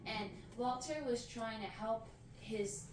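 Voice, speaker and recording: A woman's voice: a little high, fairly even intonation, slow pace. A woman at home during a haircut, emphatically retelling an argument at a public event. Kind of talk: casual storytelling chat. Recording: echoey room, distant voice, noisy background. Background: room ambience and electric clippers.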